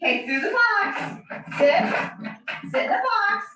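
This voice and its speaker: A woman giving her dog short commands and lively praise, recorded from a distance on a muffled home video. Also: very high-pitched, measured pace, heavy reverb. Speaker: dog owner training her dog. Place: room inside a home.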